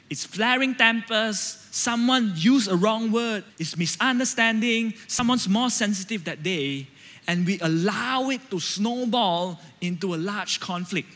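A man's voice: high voice, fairly bright tone, long reverb tail. A man in his thirties with a Malaysian English accent, preaching a sermon in a conversational, storytelling way that often checks in with "right?".

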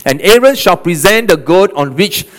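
A male pastor preaching a sermon, animated, often checking in with "okay" and "all right?". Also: high voice, moderate pace. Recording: long hall reverb.

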